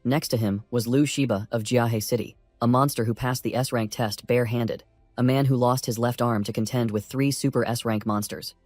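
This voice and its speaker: A man narrating a story recap in an even, steady reading at a middle pitch. The voice is dry and close to the mic, with faint music playing underneath. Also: moderate pace, no echo.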